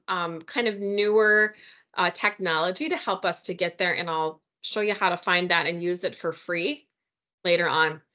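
A woman's voice: mid-range voice, fairly bright tone. A woman giving a health webinar from her computer, enthusiastic and chatty with folksy asides. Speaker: health presenter. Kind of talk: webinar presentation.

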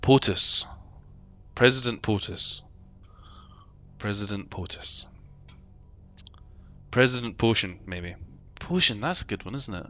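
Bright-toned London man rambling on stream. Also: on the low side, slow, pauses often. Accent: London English. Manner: rambling, jokey, swears casually, reads out chat. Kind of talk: casual live-stream chat while gaming. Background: game music.

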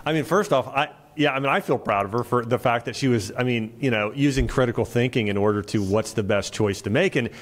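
A man's voice: medium pitch, brisk, hardly any pauses. A man in his thirties hosting an interview podcast, talking casually and reflectively in loose, meandering sentences. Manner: rambling, full of restarts. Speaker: podcast host.

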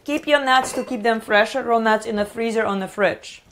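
A woman's voice: fairly high pitch, a little fast, fairly bright tone, slight background noise. A woman hosting a live cooking stream from her home kitchen, chatting eagerly with lots of fillers and restarts. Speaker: cooking show host.

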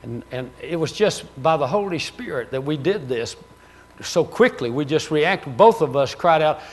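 Man, pastor, sermon, storytelling, laughing, loud outbursts, slightly high pitch. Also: expressive, moderate pace. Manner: storytelling, laughs at his own stories, rises to loud exclamations.

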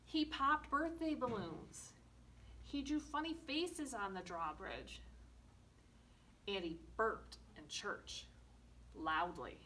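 A woman librarian reading a picture book aloud at a children's storytime, slow and expressive with playful asides. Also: mid-range voice. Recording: distant mic with faint room noise.

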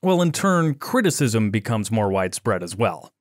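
A man's voice: fairly low pitch, sing-song, normal speed, no room sound, clean studio sound. A man hosting a history podcast, narrating from a script and reading out quotes from old articles. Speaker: podcast host.

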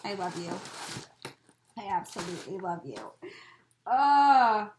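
A woman's voice: medium pitch, sing-song, slow pace, noisy background. A woman chatting casually as she opens craft mail, gushing and giggling with frequent exclamations. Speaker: crafting vlogger opening mail. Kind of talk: casual unboxing chat.

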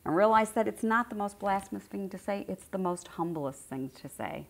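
A woman's voice: medium pitch, animated, normal speed, creaky. A middle-aged woman giving an informal spiritual teaching to a group, conversational and repeating phrases for emphasis.

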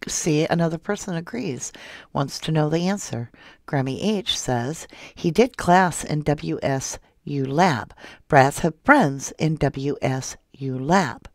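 A soft-spoken woman hosting a true crime livestream, reading viewer comments aloud and calling her viewers love and honey. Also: sits low, slow, no echo, studio quality. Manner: affectionate toward viewers, calls them love and honey. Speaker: true crime channel host.

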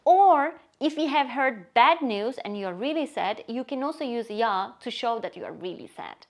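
A woman teaching a language lesson in a scripted, expressive way, acting out short example phrases. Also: fairly high pitch, moderate pace. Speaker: Turkish teacher.

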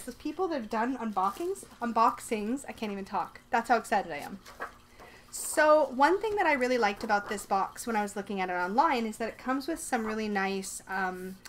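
Excitable woman vlogger, fairly high voice, gushing unboxing chat, faint hiss behind. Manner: excitable, gushing, talks to herself. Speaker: vlogger unboxing a subscription box. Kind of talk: casual unboxing chat to camera. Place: bedroom.

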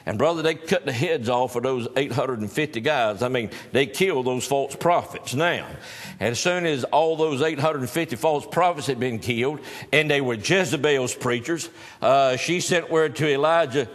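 A man's voice: mid-range voice, normal speed, in a large hall. A male pastor preaching a sermon in a folksy storytelling manner, with teasing humor.

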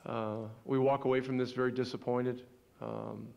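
A defeated basketball coach in a video game post-game interview, voiced by a man, speaking in a subdued, halting way with fillers. His voice is gravelly yet smooth and stays flat in pitch. The sound is dull and lo-fi. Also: natural voice. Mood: resigned. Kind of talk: video game sports voice acting.

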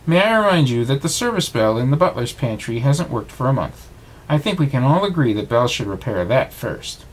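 Dad doing a fussy pompous clock butler, proper, husky. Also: male voice, medium pitch, sing-song, brisk, rough recording.

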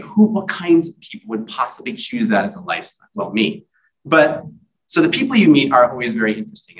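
A man's voice: medium pitch, a bit bright. Male author, library reading, self-deprecating humor, chatty asides with ums, mid-range voice, distant mic. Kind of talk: book reading at a library event. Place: library event room.

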